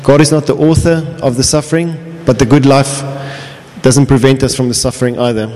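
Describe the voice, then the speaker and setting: A man's voice: medium pitch, fairly even intonation, a little fast, darkish tone. A man preaching a sermon as pastor, earnest and often restarting his phrases. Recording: long reverb of a large hall.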